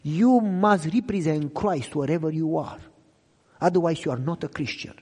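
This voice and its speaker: A young man who speaks English as a second language, preaching an emotional sermon testimony and swinging from loud cries to hushed low lines. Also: normal speed, breathy edge. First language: not English. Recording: echoey hall reverb.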